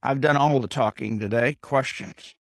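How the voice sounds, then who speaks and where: A man's voice: medium pitch, normal speed, gravelly, dry recording, poor audio. A man teaching a catechism class, who explains a Bible passage point by point and keeps checking with "Okay?".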